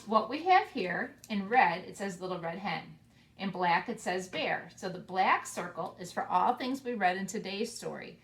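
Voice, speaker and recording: A woman preschool teacher reading a picture book aloud to young children in a slow, sing-song way, with playful voices for the animals. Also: medium pitch, animated, a bit bright. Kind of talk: storybook read-aloud for children.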